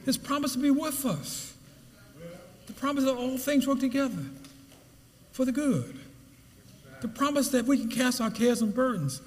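A man's voice: expressive, normal speed, pauses often, a little mellow, long reverb tail. A man preaching a sermon as pastor, building with emphatic repeated phrases. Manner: preaching with rising pitch and emphatic repetition.

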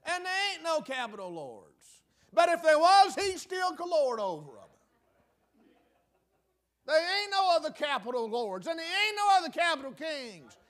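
A man preaching a sermon, repeating phrases with emphatic, folksy, drawn-out delivery. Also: very high voice, very animated, a bit bright.

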